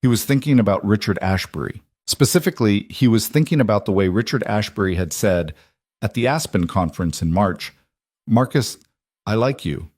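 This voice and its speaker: Male narrator for an audio story, low and steady, bone-dry close recording. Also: brisk, dry recording.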